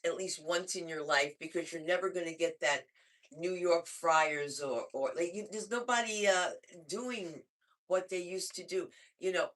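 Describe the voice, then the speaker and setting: A man hosting a stand-up comedy night, talking in a loose, rambling emcee patter. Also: high voice. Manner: loose, rambling, lively delivery. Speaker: comedy show host.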